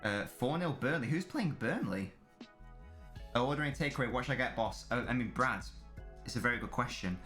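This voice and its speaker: Bright-voiced chatty streamer. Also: male voice, mid-range voice, animated, a little fast, faint music behind. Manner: chatty, rambling, laughs at his own jokes. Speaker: streamer hosting a live football watchalong. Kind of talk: casual live-stream commentary, reading and answering chat.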